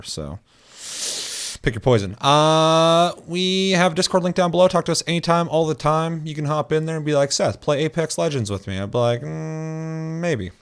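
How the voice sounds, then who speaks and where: A man hosting a casual gaming podcast, swearing often and slipping into silly mocking voices. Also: mid-range voice. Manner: profane, jokey, slips into silly mocking voices. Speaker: podcast host.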